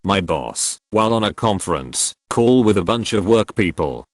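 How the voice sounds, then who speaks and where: A man's voice: on the low side, big pitch swings, moderate pace, hardly any pauses, no room sound. A man's voice, possibly computer-generated, reading online posts as a matter-of-fact narration and spelling out symbols and acronyms literally. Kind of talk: scripted narration.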